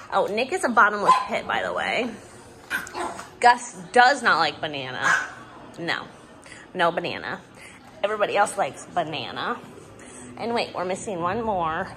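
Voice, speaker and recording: A woman's voice: mid-range voice, background noise. A woman introducing her dogs in a casual pet vlog, talking to them in affectionate baby talk at home. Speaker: dog owner.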